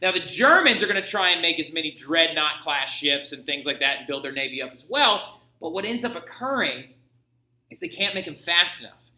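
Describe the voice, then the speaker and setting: A male history teacher giving a lecture in an animated, jokey and digressive way. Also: on the high side, fairly quick, roomy sound, poor audio. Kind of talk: recorded classroom lecture.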